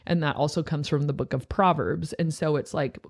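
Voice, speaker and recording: A woman's voice: deep voice, steady tone, a little fast, creaky, darkish tone. A young woman who is a youth pastor, talking casually and earnestly on a podcast, with many filler words.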